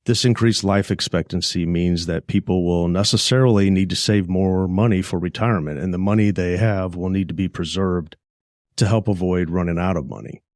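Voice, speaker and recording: A man hosting a finance podcast, delivering a measured, plainspoken scripted monologue. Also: deep voice, fairly even intonation, a little mellow, dry recording, studio quality. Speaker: podcast host, financial advisor.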